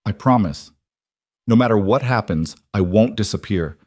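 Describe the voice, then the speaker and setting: A man with a low, dry-recorded voice voicing a gentle, earnest young businesswoman in a read-aloud story. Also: lively intonation, normal speed, no echo. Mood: tender. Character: caring young adult businesswoman, gentle and steady. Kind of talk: storybook reading.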